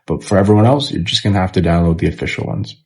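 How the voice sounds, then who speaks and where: Man, lowish voice, brisk and polished, delivers a short tips segment. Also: a little mellow. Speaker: travel tips creator. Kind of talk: scripted tips video.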